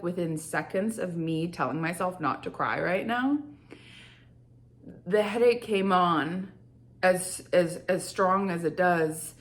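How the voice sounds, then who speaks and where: A young adult woman hosting her own show, telling a personal story in an earnest, reflective way. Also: fairly low pitch. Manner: earnest, reflective, slows down on feelings. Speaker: host.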